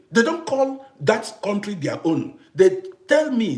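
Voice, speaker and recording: A man's voice: high voice, very animated, normal speed, few pauses, echoey room. A middle-aged man from Africa hosting a casual live stream, talking emphatically to his viewers, repeating points and greeting them by name. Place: home in Vienna.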